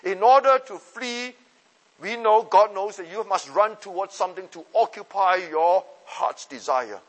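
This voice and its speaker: A man preaching a sermon to young people, emphatic and repetitive, with his voice swinging from loud to soft. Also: high voice, a little slow, in a large hall, rough recording.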